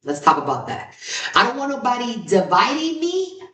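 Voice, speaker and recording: A woman's voice: moderate pace, distant mic. Exuberant woman host in a roomy space. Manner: exuberant, repeats phrases, swings from low to high excited exclamations. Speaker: podcast host. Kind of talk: casual solo talk. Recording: roomy, from off the mic.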